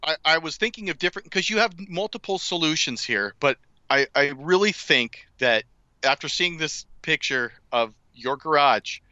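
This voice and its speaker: This is a fairly high, very bright and smooth male voice, heard on a dry, slightly dull lo-fi recording. He jokes crudely, then lays out practical plans in an orderly way. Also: lively intonation, moderate pace, no room sound. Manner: teasing, then plans in an organized way. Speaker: podcast co-host. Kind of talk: casual comedic chat.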